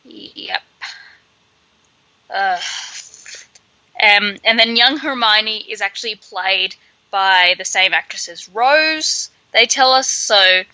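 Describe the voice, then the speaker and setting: Bright playful woman recapping on a podcast, dry close sound. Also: medium pitch, no echo, rough recording. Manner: playful, jokey recapping with quick asides. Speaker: podcast co-host. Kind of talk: casual podcast chat.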